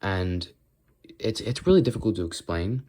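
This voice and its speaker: Walking while he films a casual vlog, a teenage boy speaks at a normal speed in a low, expressive, somewhat mellow voice. He rambles, thinks out loud, and frequently drops a thought halfway through.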